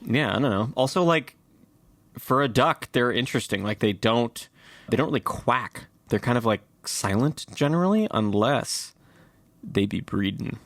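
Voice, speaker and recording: A man's voice: mid-range voice, expressive, normal speed, a bit bright, no room sound. A man co-hosting a casual podcast, explaining bird facts in a chatty way with lots of fillers. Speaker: podcast co-host. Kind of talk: casual chat.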